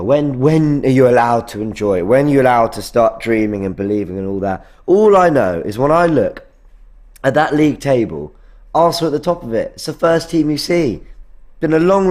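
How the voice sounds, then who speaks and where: A man's voice: medium pitch, a little mellow. A man hosting a live post-match fan stream, talking in a rambling way, correcting himself and reading out viewer comments. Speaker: fan channel host.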